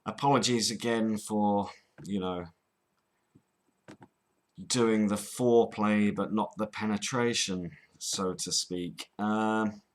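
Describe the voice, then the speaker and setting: A man's voice: lowish voice, fairly even intonation, slow, rough recording. A man hosting a prank-call channel, chatting casually between calls in a rambling way with crude jokes.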